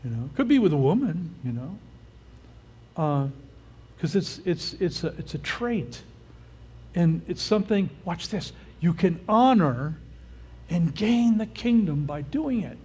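A high-pitched, animated voice with a darkish, slightly rough tone belongs to an older pastor speaking a little slowly. He keeps the sermon casual and conversational, regularly stopping to check on his listeners.

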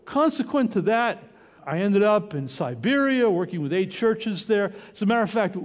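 A man's voice: fairly high pitch, a little mellow. A middle-aged man preaching a sermon, telling a story with emphatic asides to the congregation. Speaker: pastor.

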